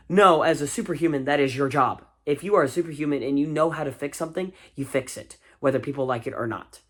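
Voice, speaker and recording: A man's voice: fairly high pitch, quick pace, few pauses, fairly bright tone. A man giving a casual spoken movie review, enthusiastic and rambling, with fillers and restarts.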